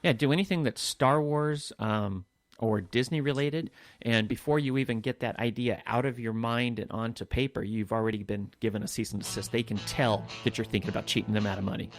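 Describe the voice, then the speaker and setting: A man co-hosting a podcast, telling anecdotes in an animated way and acting out the voices he quotes. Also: mid-range voice, fairly quick, soft background music. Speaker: podcast co-host. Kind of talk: casual storytelling chat.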